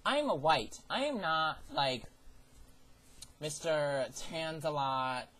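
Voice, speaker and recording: A man's voice: a little high, big pitch swings, takes it slowly, fairly bright tone, rough recording. A teenage guy vlogging a story about a summer job, in a sassy, profane, theatrical way. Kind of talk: ranting personal storytelling.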